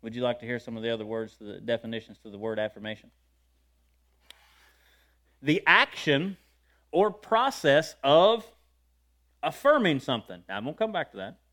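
A man preaching a sermon, talking to his congregation, asking them questions and breaking into loud shouts of praise. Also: mid-range voice, big pitch swings, normal speed, pauses often.

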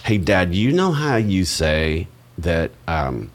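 A man's voice: deep voice, takes it slowly. A middle-aged man hosting a podcast, chatting casually and joking at his own expense. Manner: relaxed, self-deprecating, chatty. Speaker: podcast host.

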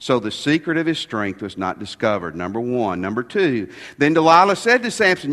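A man's voice: fairly high pitch, big pitch swings, a little fast, hardly any pauses, a bit bright, big-room sound. A man preaching a sermon as pastor, with folksy, joking asides.

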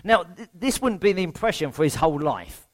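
Preacher, higher-pitched man. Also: animated, brisk. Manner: rhetorical questions, self-deprecating humour. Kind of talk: conversational sermon.

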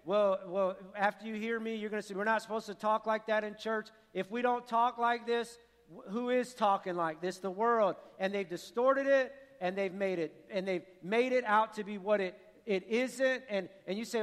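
A man preaching a sermon as pastor, earnest and repeating himself, building to forceful appeals. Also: sits high, moderate pace, clean tone. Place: church sanctuary. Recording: long hall reverb.

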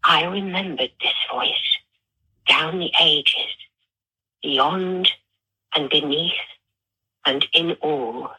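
A woman speaks low and unhurried, guest on an interview. Her tone is bright yet a little husky. It sounds like a phone-line recording. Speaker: author and therapist guest. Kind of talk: interview guest reading her own poem.

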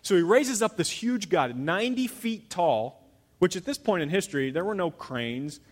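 Pastor type, man, slightly high voice, dramatic storyteller, big hall echo. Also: normal speed. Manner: animated storytelling, acting out characters' lines. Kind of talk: sermon.

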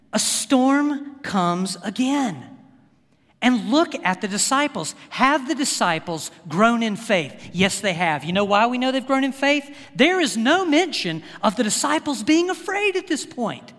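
A man preaching a sermon as pastor, animated, with his voice climbing for emphasis. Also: normal speed, few pauses. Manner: animated, rising pitch for emphasis, laughs often. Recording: hall reverb.

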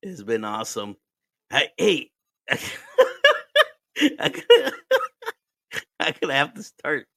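A man's voice: on the high side, huge pitch swings, slow, gravelly, long pauses, bright, forceful tone, no echo, studio quality. A man, hosting a podcast and telling a story in casual chat, laughing and swearing as he switches between English and Spanish. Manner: drinking while talking. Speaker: podcast host.

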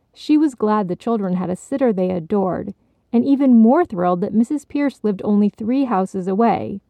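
A woman narrating a story aloud in a gentle, measured way. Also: medium pitch, creaky, no room sound, narrow, tinny audio.

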